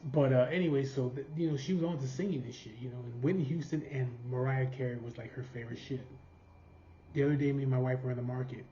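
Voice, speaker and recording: A man's voice: mid-range voice, steady tone, quick pace, mellow, slight background noise. A man from California telling a rambling, profanity-filled family story in casual storytelling. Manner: profane, rambling, laughing at his own story. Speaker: vlogger. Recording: roomy, slightly dull sound.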